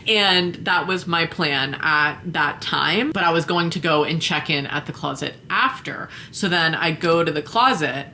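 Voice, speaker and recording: A woman's voice: deep voice, unhurried, hardly any pauses, pushed and bright, a little hiss or hum. A woman vlogger and mom telling a story in casual chat, full of "like" fillers. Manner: chatty, lots of fillers like "like".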